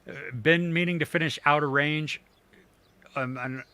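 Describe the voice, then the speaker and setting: Man, middle-aged, podcast co-host; bright tone, loose rambling chat with fillers. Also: fairly high pitch, steady tone, a little slow. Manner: rambling, lots of fillers and restarts. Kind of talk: casual chat.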